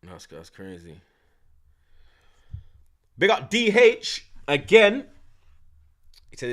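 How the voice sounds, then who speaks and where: Bright, slangy streamer. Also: male voice, high-pitched, slow, long pauses. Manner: animated, swears often, heavy slang. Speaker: livestream host. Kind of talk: casual storytelling chat.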